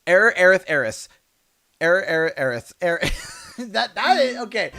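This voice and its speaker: A man from Canada giving casual, chatty livestream commentary while playing a game, animated and playful. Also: sits high, moderate pace, creaky, soft background music. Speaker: streamer.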